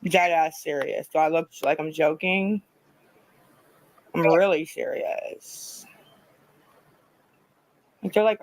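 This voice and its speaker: A woman's voice: lowish voice, measured pace, no room sound, poor audio. A woman chatting casually on a livestream, rambling, repeating herself and swearing freely. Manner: rambling, profane, repetitive.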